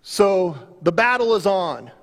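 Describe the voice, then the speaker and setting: A male preacher tells the story with animated, dramatic swings from loud to hushed. His voice sits high for a man, and his pace is slow and deliberate. A long reverb rings around him as if he is in a church hall. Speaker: pastor. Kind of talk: sermon.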